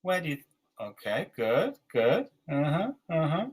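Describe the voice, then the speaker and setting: A man in his forties with an English accent, leading an online teacher training session with slow, clear dictation and encouraging feedback. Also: on the high side, very animated, low-quality recording. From England. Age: 40s.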